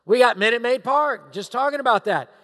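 A middle-aged male pastor giving a sermon, emphatic and repetitive, sometimes dropping into hushed asides. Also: very high voice, lively intonation, brisk. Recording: long hall reverb.

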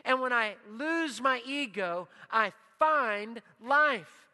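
Emphatic preaching pastor in a reverberant hall. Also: male voice, expressive, takes it slowly. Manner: emphatic preaching, drops to a hushed low voice for prayer; leads call-and-response repetition. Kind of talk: sermon.

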